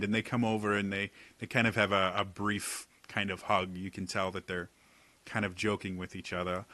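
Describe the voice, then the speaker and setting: A man narrating as game master, describing scenes slowly with many fillers. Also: on the low side, little pitch movement, bright, forceful tone, no room sound. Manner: unhurried, filler-heavy, descriptive.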